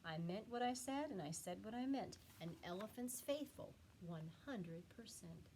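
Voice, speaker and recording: A steadfast, put-upon elephant speaks earnestly, sinking into a soft sighing hush at the ends of his lines, as a woman reading a storybook puts him on. The voice stays fairly high and lilting, with faint hiss behind it. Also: expressive, moderate pace.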